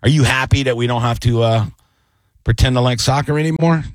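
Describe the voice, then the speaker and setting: A middle-aged man, a radio host and comedian, runs a call-in show with stand-up-style banter. His mid-range voice is brisk with no echo, and he is animated and joking, whining on purpose.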